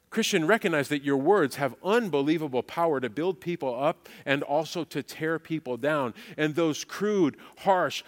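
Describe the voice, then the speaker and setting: A man's voice: on the high side, long reverb tail. A man preaching a sermon as pastor, emphatic and repeating phrases for weight.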